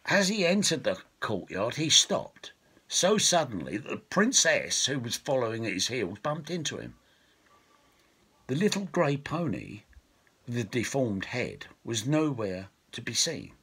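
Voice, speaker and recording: A man reading his own storybook aloud, slow and expressive. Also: medium pitch, slightly rough. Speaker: author and storyteller. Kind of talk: storybook narration.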